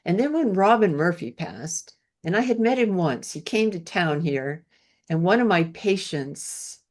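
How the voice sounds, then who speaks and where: A woman with a somewhat low voice leads an interview. She often encourages her guest with quick, enthusiastic remarks, then tells her own stories in an easy, conversational way. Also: sing-song. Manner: warmly affirming, enthusiastic interjections.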